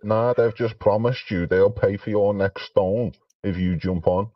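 A man's voice: fairly low pitch, fairly even intonation, measured pace, over a noisy crowd. A man mocking and goading another guest during livestream banter. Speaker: livestream panelist. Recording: dull lo-fi stream audio.

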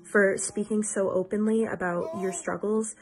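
A woman's voice: medium pitch, fairly even intonation, moderate pace. A woman giving an earnest, emotional get-well message to a friend, repeating herself for emphasis.

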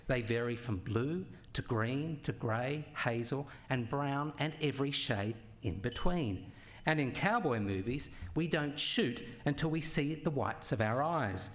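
A man giving a playful, jokey debate speech on a festival stage, full of rhetorical questions. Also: mid-range voice.

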